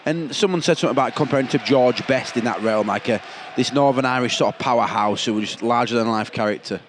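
A man co-hosting a football podcast from the stands, excitable and quick to react. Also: medium pitch, background noise. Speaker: podcast co-host. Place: football stadium stands, outdoors.

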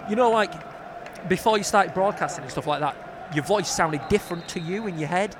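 A man with a Yorkshire accent and a nasal voice co-hosts a podcast, quick and skeptical while watching football outdoors. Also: high-pitched, crowd noise. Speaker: podcast co-host, football fan. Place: outdoors at a rainy football ground. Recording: outdoor recording with rain and traffic noise.

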